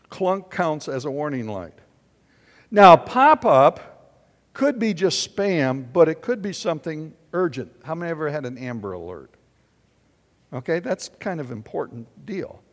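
An older man preaching a sermon in a church, animated and questioning his congregation. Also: fairly high pitch, measured pace. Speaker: pastor. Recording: long hall reverb.

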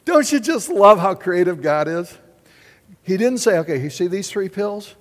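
A man preaching a sermon, animated and asking his congregation questions as he teaches. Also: high-pitched, moderate pace, in a large hall. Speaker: pastor.

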